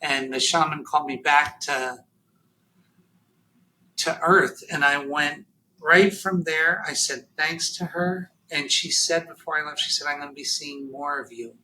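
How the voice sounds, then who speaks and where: Halting, emotional man with a bright voice. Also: fairly high pitch, fairly even intonation, slight background noise, rough recording. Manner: halting, emotional, full of fillers and restarts. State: near tears. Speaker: podcast guest. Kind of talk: personal storytelling in an interview.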